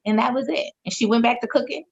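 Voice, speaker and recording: A woman's voice: on the high side, fast. A woman in her thirties, candidly telling a painful personal story in a podcast chat, frank and emotional and swearing freely. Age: 30s. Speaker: podcast co-host. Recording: slightly dull lo-fi sound.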